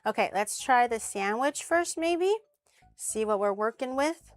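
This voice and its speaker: A streamer host tastes food she cooked while chatting casually, bubbly and talkative. Her voice is on the high side with lively intonation, and she speaks a little slowly with no room sound.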